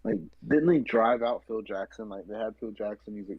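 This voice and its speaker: Podcast co-host, male, low and husky, profane ranting sports talk, dry lo-fi mic. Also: normal speed, no room sound. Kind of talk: casual sports chat. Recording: dull lo-fi sound.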